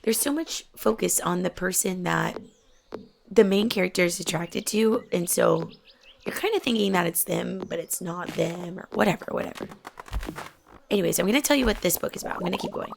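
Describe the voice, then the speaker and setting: A young adult woman chatting softly while she plays a game, often dropping to a near whisper. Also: lowish voice, a little fast, vocal fry, a little hiss or hum. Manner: soft-spoken, often drops to a near whisper. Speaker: gaming channel host. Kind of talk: relaxed chat while playing a game.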